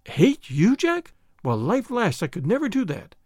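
A man's voice: high voice, huge pitch swings, normal speed, a little mellow, breathy edge, no echo, studio quality, pitched above the performer's own voice, heavily acted. Man voicing a pleading frightened young woman. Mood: desperate. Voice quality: breathless, imploring.

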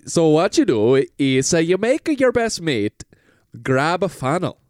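A man's voice: a little high, big pitch swings, measured pace, darkish tone, pitched above the performer's own voice. A man voicing a pushy male salesman, with chummy sales patter. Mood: salesy. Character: brash British male salesman pitching a product.

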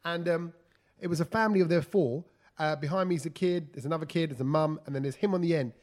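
A man co-hosting a casual chat, telling stories quickly and acting out the people he quotes. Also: on the high side. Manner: fast, animated storyteller who acts out quotes. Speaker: podcast co-host.

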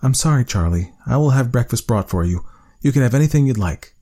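A man voicing a female research doctor who speaks softly and sweetly to a child. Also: medium pitch, animated, brisk, husky, voice pushed up. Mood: soothing. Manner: soft, coaxing and friendly.

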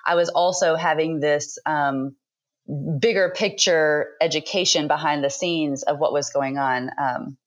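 A woman in her thirties, a book author speaking as a podcast guest, talking thoughtfully with frequent pauses. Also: deep voice, lo-fi sound. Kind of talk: conversational interview.

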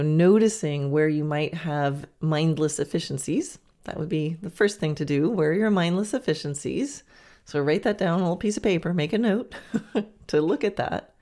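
A woman's voice: sits low, creaky, warm tone. A woman hosting a podcast, giving chatty, encouraging coaching advice with playful asides. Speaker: podcast host. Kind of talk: coaching monologue.

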